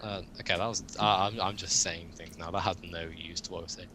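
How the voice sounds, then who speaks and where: A young man hosts a loose, joking chat. His voice is on the low side, and a faint hiss runs under the recording. He rambles from point to point and laughs at his own jokes. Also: steady tone, fast talker, sharp tone. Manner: rambling, jokey, laughs often. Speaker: podcast host. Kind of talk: casual chat.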